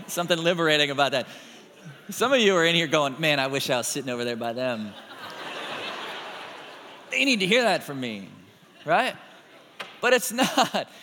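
Animated, joking preacher in a big hall. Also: male voice, high-pitched, slight background noise. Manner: animated, joking, acts out little dialogues. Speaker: pastor. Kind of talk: sermon.

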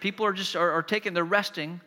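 A man's voice: sits high, steady tone, fast, sharp tone, in a large hall. A man preaching a sermon, telling a story vividly and speaking straight to his congregation. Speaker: pastor. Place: church.

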